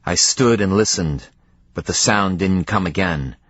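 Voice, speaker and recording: Low-voiced man narrating a novel. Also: a little slow, a bit bright, no echo. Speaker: audiobook narrator. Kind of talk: first-person novel narration. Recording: dry, slightly dull audiobook recording.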